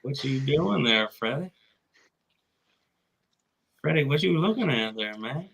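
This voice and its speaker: A man putting on a gravelly drawling Texan. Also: medium pitch, lively intonation, takes it slowly, a bit bright, full character voice. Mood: teasing. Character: drawling rural Texan man, folksy and nosy.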